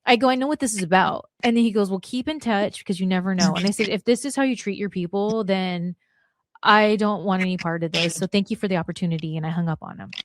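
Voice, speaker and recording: A woman's voice: mid-range voice, fast talker, no room sound, clean studio sound. A woman in her forties, a guest on a podcast, telling stories bluntly and acting out the lines she quotes. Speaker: podcast guest, former wrestler. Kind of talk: casual storytelling chat.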